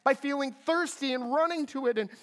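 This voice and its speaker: A woman's voice: sits high, brisk, fairly bright tone. A woman preaching a sermon in an earnest, emphatic way, repeating key phrases for weight.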